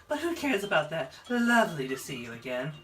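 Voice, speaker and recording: Smooth talking thief girl , player doing her, kinda purry, bright tone, far mic. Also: medium pitch, pitched above the performer's own voice, full character voice. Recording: distant mic, game music behind.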